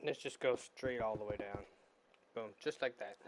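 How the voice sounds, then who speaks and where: A man streaming a building game, calmly counting blocks under his breath in casual chat. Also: mid-range voice, moderate pace, a little hiss or hum. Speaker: streamer building pixel art.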